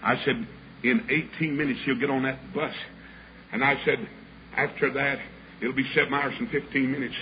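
An older preacher tells a story in a folksy, dramatic way, acting out each person's voice. His voice sits at an ordinary middle pitch. The old recording sounds muffled, with clear hiss behind him. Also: fairly even intonation, moderate pace. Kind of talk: storytelling sermon.

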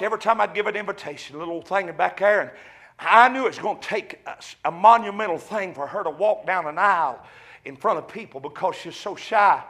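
A male pastor with a Southern US accent delivers a sermon in a high, ringing voice that carries real force. He moves between homespun storytelling and fervent, shouted calls of praise. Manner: fervent preaching with shouted exclamations and folksy storytelling.

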